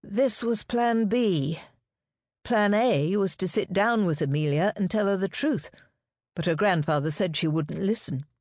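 A woman voicing a bold, cheerful female private detective in an audiobook, with a brisk, sarcastic manner. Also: medium pitch, darkish tone, no room sound, studio quality, voice pushed up. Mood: explaining.

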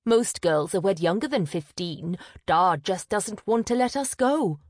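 A woman's voice: medium pitch, expressive, measured pace, no room sound, clean studio sound. A woman voicing a proud, vain eldest sister who speaks sharply and impatiently.

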